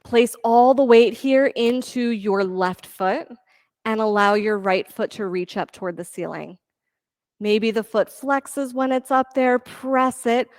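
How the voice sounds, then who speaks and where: A woman guides a yoga class at an unhurried pace, calling out breaths and counting reps with steady encouragement. The recording is dry and close, with no room sound. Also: fairly high pitch, no echo. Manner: calm, encouraging counting and cueing. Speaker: yoga instructor.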